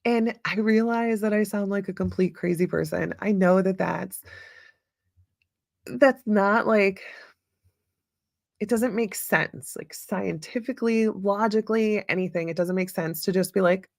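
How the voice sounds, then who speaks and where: A woman's voice: medium pitch, unhurried, vocal fry, no room sound, studio quality. A middle-aged woman hosting her own podcast, talking casually and upbeat, laughing often and filling her talk with fillers. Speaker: podcast host. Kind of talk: casual solo talk with listener comments.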